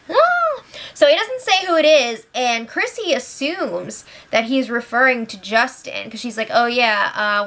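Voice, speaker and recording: A young woman giving a casual spoiler recap from home, chatty, laughing often and quoting people in lively voices. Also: medium pitch. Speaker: reality show recap host. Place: home, with pets nearby.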